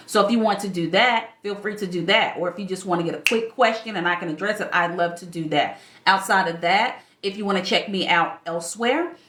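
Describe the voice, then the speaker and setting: A woman's voice: on the low side, fairly bright tone, roomy sound. A woman in her forties, a life coach, talking candidly to camera in a casual vlog, emphatic and fond of rhetorical questions. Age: 40s.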